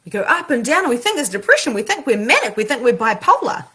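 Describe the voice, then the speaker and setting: A woman, a spiritual coach and medium, talking casually and animatedly with slang, her voice swinging between loud and soft. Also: on the high side, very animated, quick pace, husky. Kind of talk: casual motivational talk.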